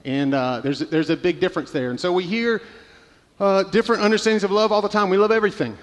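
A man's voice: sits high, fast talker, in a large hall. A man in his thirties preaching a sermon, telling a personal story with many restarts and fillers. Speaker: pastor.

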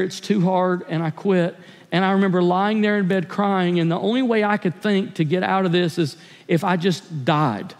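A high-pitched male pastor preaching with earnest, confessional warmth of storytelling. His voice rings out with a long, lingering church-hall reverb. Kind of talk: sermon. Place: church sanctuary.

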